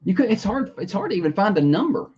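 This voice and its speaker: A man's voice: high-pitched, sing-song, fast talker, darkish tone, breathy edge, lo-fi sound. A man hosting a morning radio show, joking and rambling easily in casual banter.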